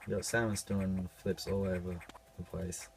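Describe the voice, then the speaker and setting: A man's voice: sits low, level tone, normal speed, creaky, a little hiss or hum. A man with a cough, unwell, giving casual self-deprecating commentary while playing a video game. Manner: self-deprecating, apologetic asides. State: sick with a cough. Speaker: let's play host.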